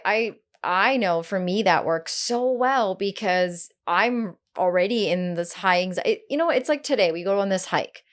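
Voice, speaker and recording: Lebhafte Frau im lockeren Podcastgespräch. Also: female voice, fairly low pitch. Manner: candid, animated storytelling with casual swearing. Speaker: podcast co-host. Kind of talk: casual chat.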